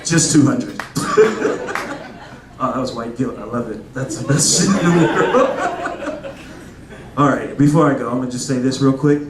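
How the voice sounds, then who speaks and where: A man's voice: mid-range voice, lively intonation, unhurried, pauses often. A man in his thirties doing a stand-up comedy set in a club, loose and conversational, with lots of fillers. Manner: loose and conversational, lots of "like", acts out voices in quotes. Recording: roomy club sound with crowd laughter. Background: audience laughing.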